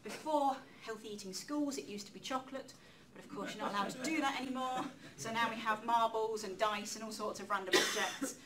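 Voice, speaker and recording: A woman giving a public talk in a lecture room, lively and chatty, with self-deprecating asides. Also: on the high side, a little fast, hardly any pauses, crowd noise. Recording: distant mic with faint room noise.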